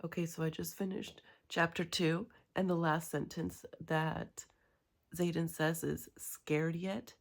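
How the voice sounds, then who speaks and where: A woman chatting casually in a reading vlog, rambling and excitable with many fillers. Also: low voice, unhurried. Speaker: book vlogger.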